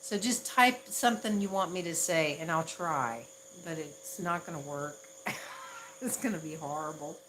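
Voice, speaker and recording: A woman's voice: sits low, normal speed, a bit bright, a little hiss or hum, rough recording. A woman from the Southern United States with a Southern accent, chatting casually on a livestream and laughing at herself often. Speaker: ASMR livestream host.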